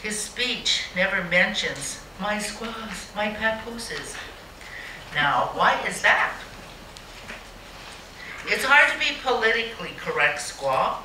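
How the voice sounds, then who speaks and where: A woman's voice: mid-range voice, animated, slow pace, pauses often, pushed and bright, a little hiss or hum. A woman giving a live poetry reading in a museum gallery, with a wry, mocking dry humor. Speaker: poet. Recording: roomy hall, mic at a distance.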